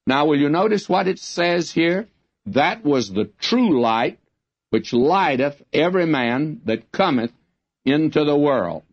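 Slow, emphatic male Bible teacher. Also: medium pitch. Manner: earnest, emphatic, slow and deliberate. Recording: dull lo-fi recording.

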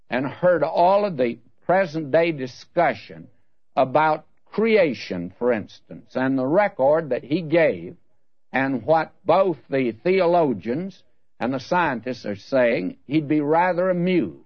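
A man's voice: on the high side, sing-song, slow, no room sound. A man teaching through the Bible in an earnest, direct way, speaking to the listener as "my friend.". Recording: dull dry lo-fi recording.

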